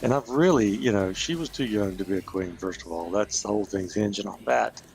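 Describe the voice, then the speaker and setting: Low gravelly guy joking on a game stream, faint music behind. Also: a little fast, a little mellow. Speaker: co-host guest. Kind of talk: casual gaming livestream chat.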